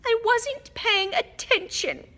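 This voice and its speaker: A woman's voice: extremely high pitch, slow, sharp tone, voice pushed up, full character voice. A woman reading an audiobook, voicing the ghost of a teenage girl who wails and weeps dramatically. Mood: tearful wailing. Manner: wailing, dramatic, tearful. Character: weepy self-pitying ghost of a teenage girl.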